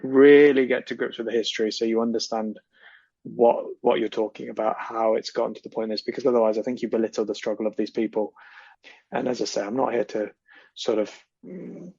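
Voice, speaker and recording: A man talking as a guest on a casual podcast, earnest and impassioned, often repeating phrases for emphasis. His voice is husky and mid-pitched. The audio is dry and close, with a slightly dull, lo-fi sound. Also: a little mellow, no room sound.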